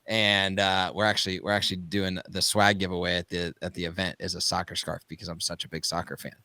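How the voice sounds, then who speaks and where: A man from the United States co-hosting a panel talk, animated and talking in long run-on thoughts. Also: deep voice, fast talker, dry recording. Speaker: podcast co-host. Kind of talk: conversational panel discussion.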